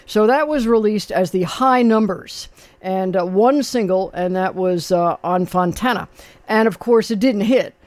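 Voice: medium pitch, unhurried, no room sound. A radio host chatting casually with a caller about old records, rambling and full of fillers and restarts. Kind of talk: casual call-in talk about oldies and jazz.

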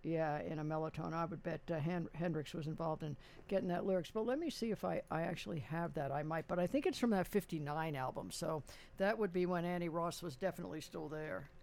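A man's voice: fairly high pitch, a little fast, vocal fry, darkish tone. A man hosting a radio show, chatting casually with a caller and rambling through details with many fillers. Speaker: radio host. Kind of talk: casual on-air chat with a caller.

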